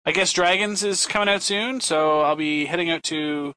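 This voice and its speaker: A man hosting a podcast in a relaxed, casual way, chatting and wrapping up the show. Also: fairly high pitch, moderate pace, dry recording. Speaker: podcast host. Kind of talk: casual chat.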